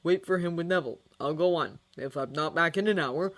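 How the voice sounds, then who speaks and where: A woman's voice: fairly low pitch, fairly quick, close to an everyday voice. Woman voicing an earnest young schoolboy wizard. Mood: determined. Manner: earnest, calling out loudly.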